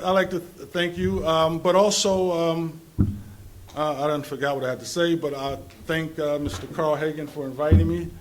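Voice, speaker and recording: A man speaks on a conference panel with a fairly high voice. He talks informally and rambles, often restarting his sentences and chuckling between them. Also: a bit bright. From New Jersey. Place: conference hall.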